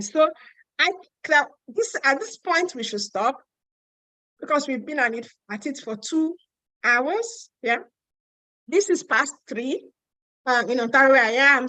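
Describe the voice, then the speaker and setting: A woman's voice: high voice, pushed and bright, dry recording, poor audio. A Nigerian woman with a Yoruba accent hosting a live Q&A webinar from Ontario. She reads out viewer questions and answers them in a chatty, emphatic way, repeating her points. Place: home in Ontario.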